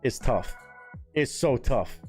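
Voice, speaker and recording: Animated, foul-mouthed male streamer. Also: medium pitch, slow pace. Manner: animated, profane, reads chat aloud. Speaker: live-stream reaction host. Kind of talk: casual live-stream chat. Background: faint music playing.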